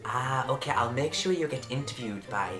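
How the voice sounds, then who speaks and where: A man's voice: medium pitch, normal speed, close to an everyday voice. A young man imitating a flustered middle-aged Irish woman tutor who stumbles and repeats herself, with a put-on Irish accent. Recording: echoey room, faint music behind.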